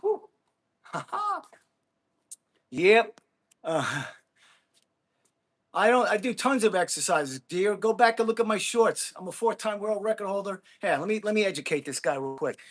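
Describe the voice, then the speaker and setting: A man livestreaming a workout, talking to his chat between exertions, energetic and whooping, blunt with trolls. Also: high voice, normal speed, pauses often. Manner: blunt and combative toward trolls. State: exerting himself while hitting a ball. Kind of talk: casual livestream chat while training.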